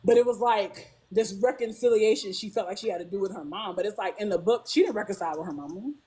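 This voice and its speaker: Woman guest, chatty and animated, quoting characters with big swings. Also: fast. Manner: animated, acts out characters' lines with big pitch jumps; peppers speech with "like". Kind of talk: casual fan discussion.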